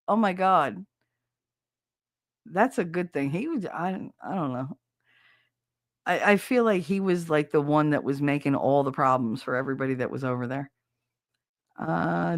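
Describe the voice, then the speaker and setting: A woman hosting a casual livestream chat, reading comments aloud and answering them in a brash, swearing way, with frequent laughter and quick mimicry. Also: low-pitched, dry recording, clean studio sound. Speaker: podcast host reading chat.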